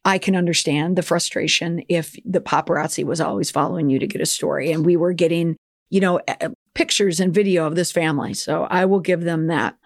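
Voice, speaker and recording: A woman's voice: fairly low pitch, fairly quick, no room sound, clean studio sound. A woman hosting a podcast about public relations, giving chatty, opinionated commentary and sometimes slipping playfully into mock accents. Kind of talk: casual commentary.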